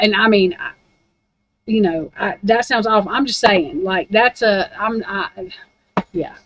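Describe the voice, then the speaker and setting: A woman's voice: medium pitch, a little slow, pauses often, a bit bright, dry recording, low-quality recording. A woman in a casual, rambling rant about true crime, blunt and heavy on profanity.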